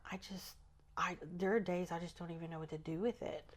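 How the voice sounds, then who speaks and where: Low-voiced woman hosting casual chat. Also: brisk. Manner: relaxed, chatty, trailing off mid-thought. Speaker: podcast host.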